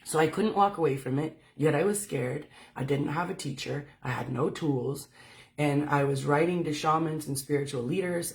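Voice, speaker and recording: A woman's voice: rumbling low, darkish tone. Candid, swearing woman telling her story. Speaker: spiritual speaker. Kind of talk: casual livestream talk. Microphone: phone.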